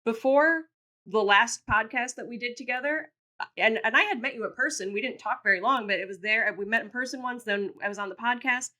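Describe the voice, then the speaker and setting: A woman's voice: a little high, brisk, pushed and bright. A woman co-hosting a podcast, earnestly encouraging her guest in casual chat. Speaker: podcast host.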